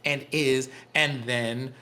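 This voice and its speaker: A man's voice: mid-range voice, fairly even intonation, slow pace, sharp tone. A man co-hosting a tech podcast in casual chat, explaining things at length with enthusiasm. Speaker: podcast co-host.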